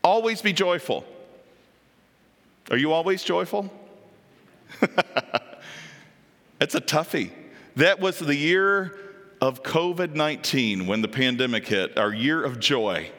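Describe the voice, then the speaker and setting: A man's voice: on the high side, lively intonation, slow, pauses often, fairly bright tone, big-room sound. A man preaching a sermon from a church stage. He reads scripture aloud and then comments on it, asking the congregation questions. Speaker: pastor.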